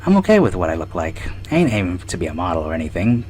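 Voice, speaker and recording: A man's voice: low voice, fast, a little hiss or hum. A man voicing a laid-back young honey badger. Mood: easygoing. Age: 20s. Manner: relaxed, casual slangy talk.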